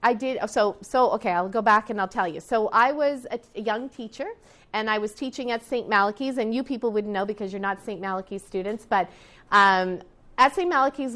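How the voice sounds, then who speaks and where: A middle-aged woman, a teacher and etiquette counselor, chats with her students while recounting a story from her teaching days. She often restarts sentences and tosses in asides to the class. Her voice is mid-range and a bit bright.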